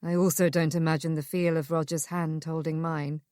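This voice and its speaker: A woman voicing a charming young gentleman with a deep voice and a dry, playful way of talking, in an audiobook. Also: flat delivery, moderate pace, clear, resonant tone, no echo, close to an everyday voice. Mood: teasing.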